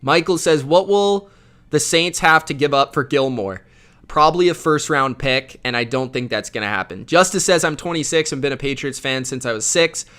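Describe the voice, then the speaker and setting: A man hosting a live football reaction stream, reading viewer chat aloud and commenting in a loud, slangy, casual way. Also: on the high side, moderate pace. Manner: loud, self-described yeller, slangy with frequent "bro".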